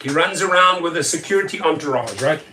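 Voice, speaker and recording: A tired man with a high, bright voice rants on a vlog, angry and sarcastic, and keeps repeating his words. He sits back from the mic in an echoey room. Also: animated, fast, recorded from a distance, a little hiss or hum. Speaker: rideshare driver and video host. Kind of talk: ranting vlog commentary.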